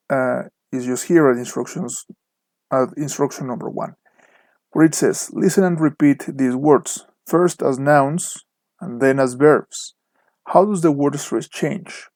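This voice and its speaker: Slow, careful man with a Mexican accent teaching English. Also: medium pitch, darkish tone, no room sound. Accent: Mexican Spanish. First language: Spanish. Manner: slow, deliberate, spells out word pairs with careful stress. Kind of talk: online lesson narration over slides.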